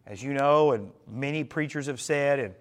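A man leading an evening Bible study as pastor, earnest, slowing and dropping his voice for emphasis and asking the group questions. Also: medium pitch.

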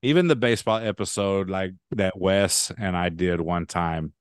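A man with a very low voice hosts a casual podcast, easygoing and chatty, often restarting his phrases. His voice sounds close and dry, with no room echo. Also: moderate pace, smooth. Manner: easygoing, repeats words and restarts phrases while thinking aloud. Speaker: podcast host. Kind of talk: casual chat.

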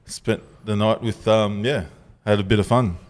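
A young Australian man co-hosts a podcast, trading crude stories in loose banter and laughing a lot. His voice is fairly low, with a steady tone and a moderate pace.

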